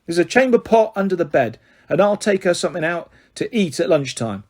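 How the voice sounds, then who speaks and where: A man's voice: sits high, sing-song, fairly quick. A man voicing a stern, fussing motherly woman who runs a big household. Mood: proud.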